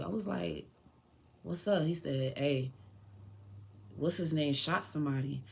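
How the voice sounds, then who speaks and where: A young woman in her twenties with a low, full voice tells a personal story on her podcast. She speaks casually and with feeling, and acts out the lines of the people she is quoting. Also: measured pace, vocal fry, pauses often. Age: 20s. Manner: emotional, animated retelling with quoted dialogue. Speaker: podcast host.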